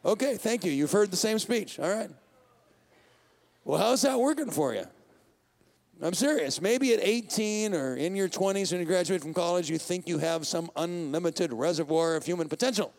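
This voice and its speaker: A man's voice: high voice, animated, moderate pace, gravelly, darkish tone. A man, preaching a sermon as pastor in a conversational style, putting questions to the congregation and laughing often.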